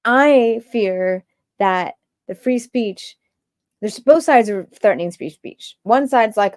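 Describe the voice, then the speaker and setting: Rambling woman with a mellow voice. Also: mid-range voice, a little slow, no echo, clean studio sound. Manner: rambling, many filler "likes". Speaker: livestream host. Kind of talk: stream-of-consciousness rant.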